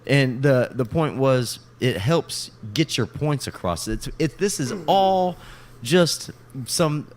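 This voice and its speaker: A man's voice: medium pitch, animated, slow pace. Laid-back man swearing casually on a podcast. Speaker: podcast co-host. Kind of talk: casual profane chat.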